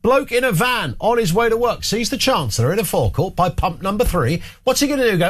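A man hosts an opinion talk show, sarcastic and scornful with jokey asides. His husky voice sits fairly high and swings widely in pitch. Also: sing-song, brisk, few pauses. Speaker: host.

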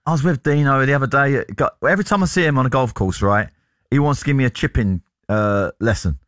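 A man's voice: mid-range voice, fast talker, fairly bright tone, no echo, clean studio sound. A man co-hosting a sports radio show, chatting and joking in a loose, laughing way. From West Country, England. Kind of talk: casual studio banter.

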